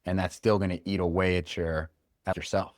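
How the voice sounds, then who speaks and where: A male podcast host with a very low voice who talks quickly, with ideas tumbling out one after another. He sounds eager and loose, leaning on "like" as he thinks aloud. The recording is dry and close, with no room sound. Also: flat delivery, darkish tone, no room sound. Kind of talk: casual podcast conversation.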